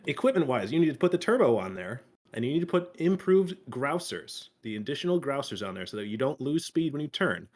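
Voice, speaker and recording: A young man co-hosting a live game stream, giving a quick tank review in a mock announcer style with emphatic lists. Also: fairly high pitch.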